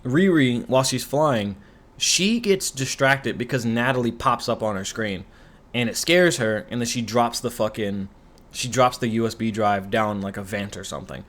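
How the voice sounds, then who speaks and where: A man's voice: medium pitch, normal speed, fairly bright tone. A man recapping a TV show in a rambling, profane, sarcastic rant, full of asides and complaints. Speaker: commentary YouTuber.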